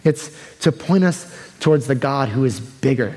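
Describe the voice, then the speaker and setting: A pastor preaching a sermon in a relaxed, conversational way that turns soft and earnest. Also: male voice, medium pitch, normal speed. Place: church sanctuary. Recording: long hall reverb.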